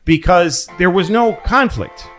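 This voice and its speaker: A man's voice: high voice, animated, unhurried, over music. A man in casual chat, telling stories in a loose, wandering way. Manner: storytelling, loose.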